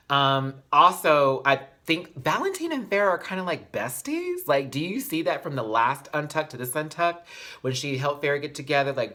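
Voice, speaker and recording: A man's voice: mid-range voice, animated, normal speed, sharp tone. A man reviewing a reality show in a casual vlog. He talks in a sassy, emphatic way, often says y'all, and speaks openly about his feelings.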